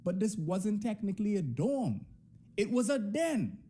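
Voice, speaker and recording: Young Bahamian male storyteller, animated delivery, warm dark tone. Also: unhurried, husky. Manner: animated, swings between high and low pitch. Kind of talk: comic personal storytelling.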